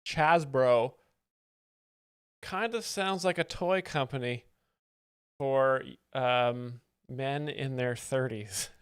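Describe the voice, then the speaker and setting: A man's voice: mid-range voice, drawn-out words, long pauses, a bit bright, clear, resonant tone, no echo. A man hosting a live stream, giving dry, mock-professorial commentary on a stand-up clip. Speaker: host explaining jokes.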